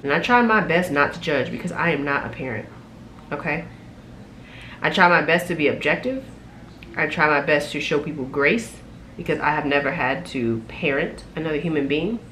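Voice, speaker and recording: A young adult woman and flight attendant, telling a story in a casual, animated, sassy vlog from a room at home, recorded on a camera mic. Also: sits low, normal speed, slight background noise. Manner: animated, sassy, loud laughs, exclaiming.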